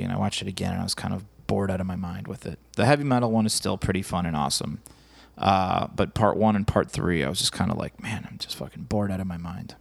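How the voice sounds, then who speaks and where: Man, podcast host, gravelly, rambling profane stories, casual chat. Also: fairly low pitch. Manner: rambling, profane storytelling with loud acted quotes.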